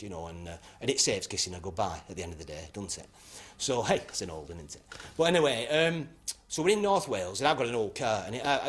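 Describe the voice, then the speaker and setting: An actor playing a brash club comedian, telling rambling anecdotes that end in punchlines. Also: male voice, mid-range voice, natural voice. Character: brash northern male club comic. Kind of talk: stand-up routine.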